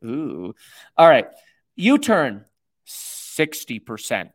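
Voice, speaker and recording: A man's voice: medium pitch, wildly swooping pitch, drawn-out words. Rambling self-mocking male livestream host. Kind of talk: livestream commentary.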